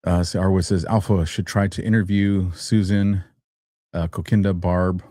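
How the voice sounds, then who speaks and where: A man's voice: low voice, level tone, normal speed, dark tone, no echo, clean studio sound. A man hosting a livestream show, talking casually and animatedly, teasing his chat and laughing often. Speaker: host.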